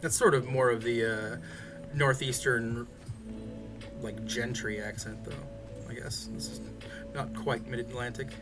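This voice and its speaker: A man's voice: mid-range voice, steady tone, unhurried, long pauses. A man chatting casually on a stream, rambling with many fillers and restarts. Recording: music playing behind.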